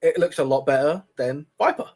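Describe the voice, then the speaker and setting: A man's voice: fairly high pitch, a little fast, darkish tone, breathy edge. A man co-hosting a casual gaming podcast, joking around as he reads patch notes aloud. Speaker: podcast co-host.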